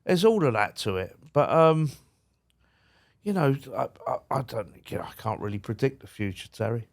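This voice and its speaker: A man talks in a loose, colloquial way, stumbling over his first words before settling into the story. His voice sits at an ordinary middle pitch, and he sounds like a podcast guest spinning anecdotes. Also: sing-song, moderate pace, gravelly. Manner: chatty, repeats words when starting, colloquial. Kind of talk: casual storytelling chat.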